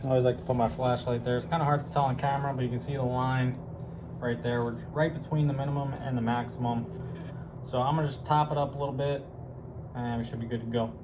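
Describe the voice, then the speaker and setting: A man's voice: medium pitch, little pitch movement, fast, noisy background. A man casually chatting through a car job in his home garage, rambling and explaining as he works. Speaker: car hobby vlogger. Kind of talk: casual garage how-to chat.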